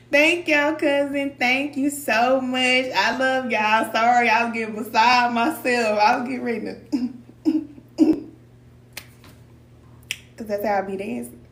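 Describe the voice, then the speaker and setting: Slow, with long pauses, her fairly high and somewhat bright voice keeps a fairly even intonation. As a spiritual teacher hosting a stream, she talks casually and encouragingly, calling viewers cousin and repeating for emphasis in loose colloquial speech. The audio is echoey, distant-miked and faintly humming.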